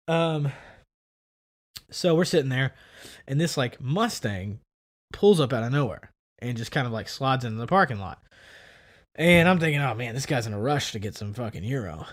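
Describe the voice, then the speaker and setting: A man's voice: normal speed, pauses often. A man co-hosting a podcast, telling a story in casual chat and acting out the people in it. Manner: animated, acts out quoted people with big pitch jumps. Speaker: podcast co-host.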